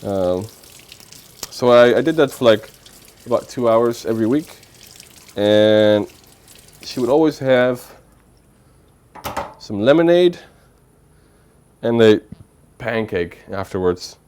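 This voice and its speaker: A man's voice: mid-range voice, animated, slow pace, long pauses, a little mellow, a little hiss or hum. A man telling a rambling, playful story on a casual livestream, with lots of filler words. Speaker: streamer.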